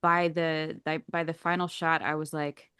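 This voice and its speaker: A woman co-hosting a podcast, chatting casually and telling stories with animated giggles. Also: sits low, normal speed, clear, resonant tone, no echo, clean studio sound. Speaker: podcast co-host. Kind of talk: casual chat.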